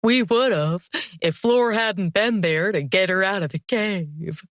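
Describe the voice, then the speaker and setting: A wailing, soft-hearted male Cerberus head, slow and close to tears, as a woman narrator puts him on. Dry, close sound. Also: medium pitch, dry recording, lightly acted. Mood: tearful.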